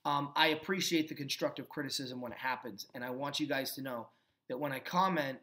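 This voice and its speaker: A man's voice: medium pitch, brisk. A man hosting his own football talk show, giving opinionated commentary with emphatic rhetorical questions. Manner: calmer and earnest when thanking fans. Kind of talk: opinionated sports commentary monologue.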